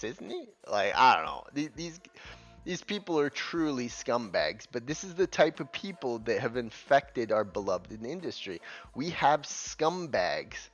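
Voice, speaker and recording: A man's voice: on the high side, a bit bright. A man ranting scornfully in gaming commentary, swearing heavily as he reacts to clips. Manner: profane, scornful, heated. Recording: dull lo-fi audio with faint music.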